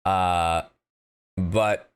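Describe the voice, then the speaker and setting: A man's voice: sits low, fairly even intonation, drawn-out words, clear, resonant tone. A man chatting casually on a live stream, playful and a bit goofy, slightly sick with a cough. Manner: playful, goofy asides and repeated phrases.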